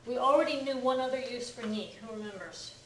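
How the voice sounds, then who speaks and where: A Japanese language teacher speaks a little fast in a fairly high voice, patiently teaching grammar and checking comprehension with many "right?"s and "okay?"s. The recording comes from far away in an echoey classroom and carries slight background noise.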